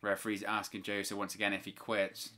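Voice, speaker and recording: A man with a bright, forward voice calls a wrestling match live for his viewers. He narrates each move and breaks into opinionated, exasperated rants about the referees. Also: fairly low pitch, monotone, fast talker. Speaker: watch-along host.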